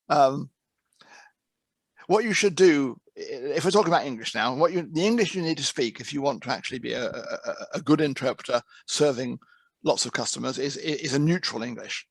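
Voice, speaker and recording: Gravelly man giving an interpreting talk. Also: mid-range voice, animated, a little fast, dry recording. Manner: discursive, frequent restarts and repeated words. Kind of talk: online presentation. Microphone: video call.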